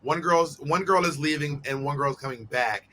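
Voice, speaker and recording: A man's voice: on the high side, normal speed, bright, forceful tone, slight background noise, rough recording. A man in his thirties hosting a show, chatting casually and teasing his co-host in a laid-back, playful way. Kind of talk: casual recap chat.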